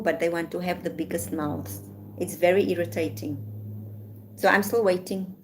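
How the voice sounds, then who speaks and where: A woman's voice: lowish voice, fairly even intonation, moderate pace, slight background noise. A woman hosting a livestream from her home, blunt and irritated, talking to herself as she checks messages. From South Africa. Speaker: livestream host. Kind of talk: casual livestream talk. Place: home room in Malaysia.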